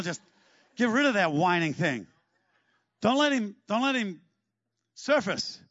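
A man preaching a sermon in an animated, joking way, breaking into shouts. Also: very high voice, no room sound, muffled recording. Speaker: pastor.

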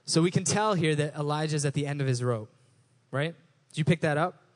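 A young adult male pastor with a somewhat high-pitched voice delivers a sermon. His delivery is conversational rather than formal, with frequent restarts and repeated words as he works his thoughts out aloud. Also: brisk.

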